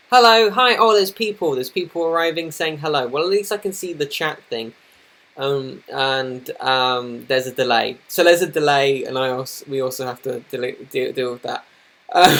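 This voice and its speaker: A man's voice: fairly high pitch, fairly bright tone. A young man live streaming at his computer, flustered and apologetic, rambling with many restarts. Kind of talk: casual live-stream chat. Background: noisy laptop fan.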